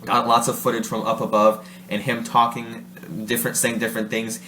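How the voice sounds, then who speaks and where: A man's voice: medium pitch, monotone, brisk, sharp tone, soft background music. A man from Ohio chatting casually to his vlog audience, rambling, correcting himself and laughing often. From Ohio, USA. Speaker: vlogger. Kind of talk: casual monologue. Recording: roomy room with faint hum.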